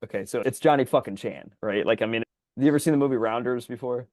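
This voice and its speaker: Fast-talking, excitable male podcast host. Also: dry recording. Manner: rambling, animated storyteller full of fillers; voice jumps high when excited. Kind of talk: casual podcast chat.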